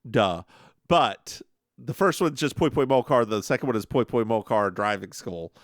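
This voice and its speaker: A man's voice: mid-range voice, moderate pace, no room sound. A man co-hosting a podcast, recapping a TV episode in a playful, rambling chat into a close mic. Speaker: podcast host.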